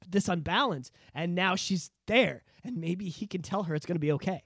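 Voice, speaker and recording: A man hosting a podcast in casual chat, excitable and emphatic, swearing freely. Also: sits high, normal speed, creaky, few pauses, slightly rough, dry recording, clean studio sound. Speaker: podcast host.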